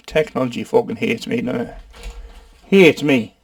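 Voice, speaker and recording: A man's voice: medium pitch, normal speed, creaky. A Geordie man hosting a casual comic film review, rambling and swearing as he jokes. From North East England. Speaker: film reviewer, channel host.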